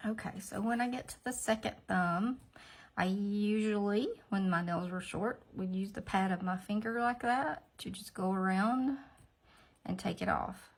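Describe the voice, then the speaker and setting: A woman's voice: mid-range voice, steady tone, measured pace. A woman chatting casually through a nail tutorial, rambling with asides to herself. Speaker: nail art vlogger.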